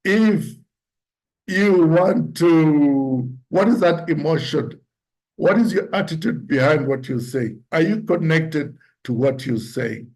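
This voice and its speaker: A man giving an instructive talk on public speaking, explaining points deliberately and acting out example lines to show tone. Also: expressive, a little mellow. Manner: deliberate, demonstrates pitch and tone examples aloud.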